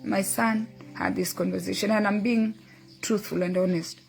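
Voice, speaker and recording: A middle-aged woman hosts a motivational talk in a husky voice at a middle pitch. She tells a personal story earnestly and quotes from a book. Faint music plays behind her. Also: normal speed, fairly bright tone. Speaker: host.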